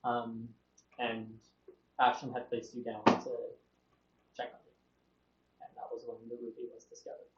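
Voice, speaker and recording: A man's voice: medium pitch, monotone, noisy background. Man recapping a tabletop session, roomy. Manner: halting, with many fillers. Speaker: game master. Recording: muffled, roomy online call audio.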